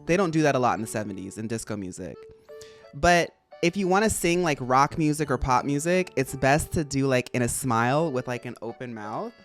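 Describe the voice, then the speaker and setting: A chatty streamer thinking out loud over a game, voice bouncing up and down with lots of animation. The talk rambles in a playful way from one thing to the next. Soft game music plays underneath. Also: medium pitch, expressive, fairly quick. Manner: rambling, playful, jumps between topics. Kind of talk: casual gameplay stream chat.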